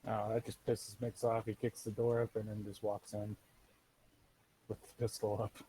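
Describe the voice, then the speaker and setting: A man's voice: lowish voice, monotone, normal speed, dark tone, a little hiss or hum, low-quality recording. A man playing a tabletop game, casually describing his character's moves. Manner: casual, hesitant. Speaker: player.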